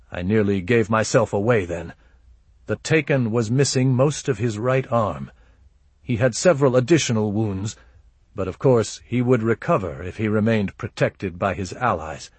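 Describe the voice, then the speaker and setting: Husky-voiced man narrating an audiobook. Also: lowish voice, dry recording. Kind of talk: first-person audiobook narration.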